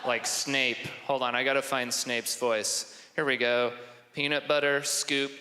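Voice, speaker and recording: A man doing stand-up comedy with crowd work, animated and self-mocking, on stage before an audience. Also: medium pitch, measured pace, background noise. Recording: echoey hall, live stage.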